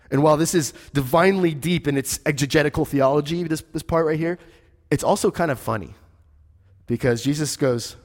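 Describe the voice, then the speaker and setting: A male pastor preaching in a conversational, storytelling manner, his voice sitting mid-range. He swings from lively to hushed for emphasis, and the sound rings with long reverb in a church hall. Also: moderate pace. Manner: conversational, animated storytelling, drops low and quiet for emphasis. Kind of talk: sermon.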